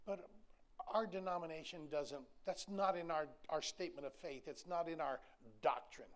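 A man's voice: fairly high pitch, moderate pace. Emphatic folksy preacher man in his sixties. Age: 60s. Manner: emphatic, folksy and repetitive, with humor. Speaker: pastor. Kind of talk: sermon.

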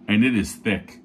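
A man's voice: medium pitch, slight background noise. A man hosting a beer review, talking in a casual, blunt way with plenty of swearing and rambling restarts. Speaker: beer reviewer, show host.

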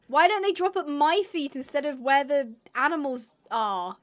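Chatty high-voiced woman gaming live. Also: lively intonation, normal speed, fairly bright tone. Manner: chatty, self-mocking, talks to her animals. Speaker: streamer. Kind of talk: live gameplay commentary.

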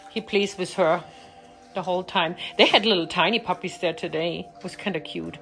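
A woman's voice: lowish voice, steady tone, moderate pace, a bit bright, soft background music. A young woman vlogging about her pet dogs, talking casually and cooing to them in baby talk. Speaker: pet vlogger, dog owner.

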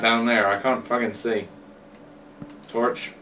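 Slow rambling game commentator. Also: male voice, fairly low pitch, fairly even intonation, a bit bright, recorded from a distance, slight background noise. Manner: rambling, joking talk to himself. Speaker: gamer. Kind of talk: let's play commentary.

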